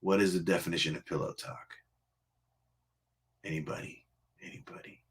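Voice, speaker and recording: A man's voice: deep voice, fairly even intonation, moderate pace, heavy background noise. A man from Connecticut hosting a music livestream, chatting casually in a playful, teasing, rambling way with frequent laughs. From Connecticut, USA. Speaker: livestream music show host.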